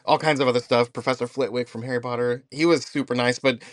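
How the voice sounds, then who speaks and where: A man hosts a casual podcast, recounting his weekend with eager enthusiasm and frequent laughter. His voice sits at a middle pitch. The recording is dry and close, with no room sound. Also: steady tone, fast talker, no echo. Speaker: podcast host.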